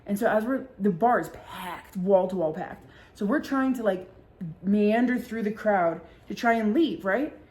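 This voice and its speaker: A woman's voice: mid-range voice, a little slow, darkish tone. Young woman podcaster rambling thru a story, cussing a lot, says like constantly. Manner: chatty and profane, many filler likes. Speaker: podcast host. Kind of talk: casual storytelling chat.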